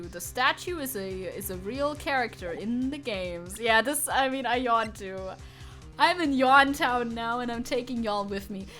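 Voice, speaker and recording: A woman streamer talks through a video game in a loose, chatty way, correcting herself as she thinks aloud. Her voice sits at an everyday middle pitch, and faint game music plays underneath. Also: fairly bright tone. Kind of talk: casual game-stream commentary.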